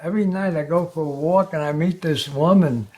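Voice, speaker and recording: A man's voice: fairly high pitch, brisk, dark tone. A man in his nineties telling jokes and stories as an interview guest, chuckling at his own punchlines. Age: 90s. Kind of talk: joke-telling storytelling. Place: local TV studio.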